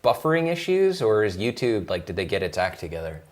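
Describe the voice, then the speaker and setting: A man's voice: lowish voice, very animated, a little fast. A man chatting on a live stream, joking and playful, often mocking himself. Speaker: artist and guest of a live stream. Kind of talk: casual live stream chat.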